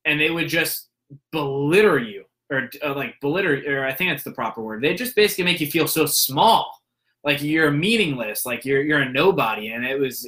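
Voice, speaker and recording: A man's voice: fairly high pitch, sharp tone. A young man telling a story in a casual monologue, rambling with fillers and restarts and acting out the people he quotes.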